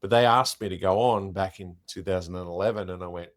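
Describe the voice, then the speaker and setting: An Australian middle-aged man, an impersonator, telling his story in a chatty, animated way as an interview guest. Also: low voice, fast, hardly any pauses, no echo.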